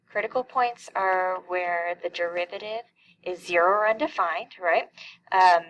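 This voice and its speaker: A woman's voice: lowish voice, a little slow, fairly bright tone, rough recording. A middle-aged woman teaching a calculus lesson, explaining each step and asking questions that she then answers herself. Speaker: math teacher.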